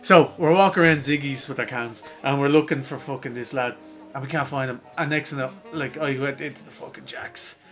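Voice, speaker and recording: A Dublin Irish man with a mid-range voice tells a long pub story in a casual podcast chat, speaking fairly quickly over soft background music. He's an animated, profane storyteller who swears constantly and acts out other people's lines.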